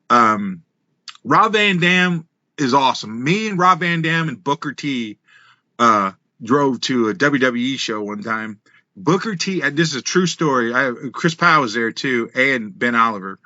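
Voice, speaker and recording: A man guest telling road stories in casual, animated talk, laughing and swearing freely. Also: mid-range voice, dry recording, dull audio. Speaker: wrestling guest. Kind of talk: casual storytelling.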